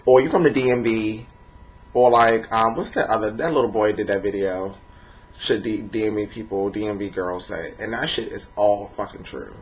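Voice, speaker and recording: Low-voiced rambling D.C. man, lo-fi. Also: steady tone, normal speed. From Washington, D.C. area. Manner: rambling and profane, many fillers. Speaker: vlogger. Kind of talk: casual monologue to camera. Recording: dull lo-fi recording.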